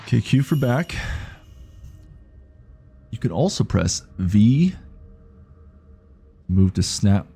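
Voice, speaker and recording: A man's voice: fairly low pitch, sing-song, takes it slowly, creaky, long pauses, warm tone, slightly rough, faint music behind. A man with a Canadian accent streaming a game, chatting and thinking aloud as he reads on-screen prompts. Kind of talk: live gameplay commentary.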